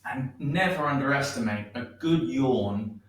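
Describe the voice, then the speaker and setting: A man teaching a shiatsu class, guiding breathing and stretches in a gentle, unhurried way with many pauses and ums. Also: medium pitch. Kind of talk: guided movement class. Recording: echoey room, far from mic.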